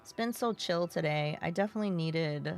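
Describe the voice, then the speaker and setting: A woman streamer in casual live-stream chat, relaxed, affectionate and chatty. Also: low voice, brisk, soft background music.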